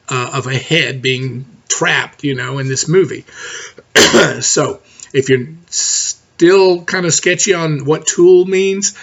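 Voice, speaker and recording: A middle-aged man teaching a college writing class in a recorded lecture, talking fast and direct, often checking in with "okay?". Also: medium pitch, fairly bright tone. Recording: dull lo-fi recording.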